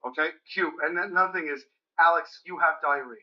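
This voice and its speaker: A man in energetic prank show banter, laughing and giving directions, in slightly muffled TV audio. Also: a little high, fast.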